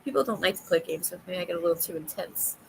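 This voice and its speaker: A woman hosting a casual livestream chat with viewers, talkative and quick to laugh, often restarting her sentences. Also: on the low side, lively intonation, creaky, slight background noise, rough recording. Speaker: livestream host.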